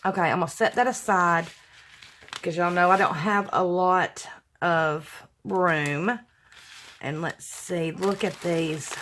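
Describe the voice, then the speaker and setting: A woman's voice: fairly low pitch, slow, a bit bright, slight background noise. A middle-aged woman, chatting to her viewers in a casual vlog and gushing over fan mail. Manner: gushing, effusive, sighing with emotion. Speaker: crafting vlogger opening fan mail. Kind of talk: casual unboxing chat to viewers. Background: crinkling paper and packaging.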